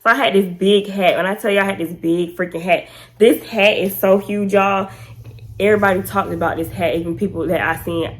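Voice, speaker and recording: A woman's voice: medium pitch, fairly even intonation, a little fast. A young adult woman, animatedly telling a casual storytime as a vlogger and acting out quotes in a raised voice.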